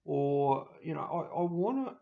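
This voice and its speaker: A middle-aged man, rambling emotionally to camera in a farewell vlog, breaking into loud mimicry and laughter. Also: on the high side, sing-song, a little slow, creaky. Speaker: YouTuber signing off. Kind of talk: casual personal talk to camera. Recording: dull lo-fi home recording.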